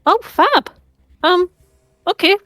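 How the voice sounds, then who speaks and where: A woman playing her character in a tabletop game, brisk and polite. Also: very high voice, animated, bright, forceful tone, no echo, faint music behind. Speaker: player.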